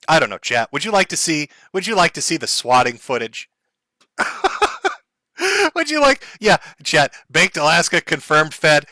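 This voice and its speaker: A man's voice: a little high, sing-song, measured pace, bright, forceful tone, no room sound, clean studio sound. Sarcastic chuckling male streamer. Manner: mocking, laughing, profane. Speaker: livestream host. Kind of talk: sarcastic live-stream commentary.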